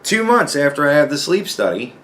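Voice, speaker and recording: A male host delivers a heated personal rant. His voice sits a little high and leaps around, full of exasperation and profanity. He keeps jabbing at the listener with rhetorical questions. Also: very animated, a little fast, a bit bright, slight background noise. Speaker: commentary host. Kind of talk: ranting personal commentary.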